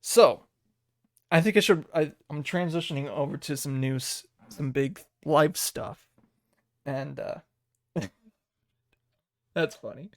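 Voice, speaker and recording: Chatty man with a slightly high voice. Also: slow, pauses often, no room sound, studio quality. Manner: loose and digressive, laughing often; thinks aloud while looking things up. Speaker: livestream podcast host. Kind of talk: casual rambling live-stream chat.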